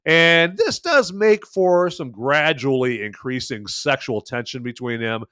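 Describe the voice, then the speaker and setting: A man hosting a podcast and reviewing a film in a loose, chatty way, with plenty of "uh"s and punchy asides. His voice is smooth and resonant, and it sits in a dry, close-miked sound with no room echo. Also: medium pitch, expressive, unhurried, pushed and bright. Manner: chatty, filler-heavy, emphatic asides. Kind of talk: casual spoken film review.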